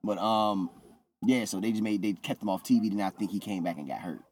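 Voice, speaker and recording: A man co-hosting a casual wrestling podcast, telling stories in an animated way and acting out what people said. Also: fairly low pitch, a little fast, slight background noise. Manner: animated storyteller, acts out quotes. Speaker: podcast co-host.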